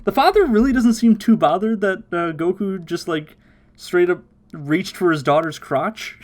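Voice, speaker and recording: A man hosting a podcast, casually recapping an episode with lots of laughter and quick silly voices. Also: sits high, lively intonation. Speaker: podcast host.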